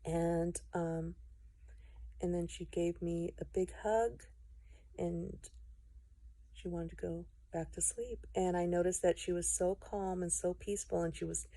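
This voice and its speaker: A middle-aged woman recounts her testimony with earnest, gentle pacing and soft pauses. Her voice sits a little low and sounds mellow and dark. The recording is close and dry. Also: steady tone, no room sound. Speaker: testimony speaker. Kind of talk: personal testimony to camera.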